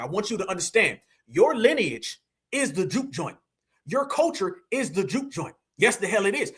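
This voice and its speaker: A man's voice: sits high, fairly bright tone, slightly rough. A man hosting a reaction video, preaching and rallying his audience with repeated hype calls. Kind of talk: energetic reaction commentary.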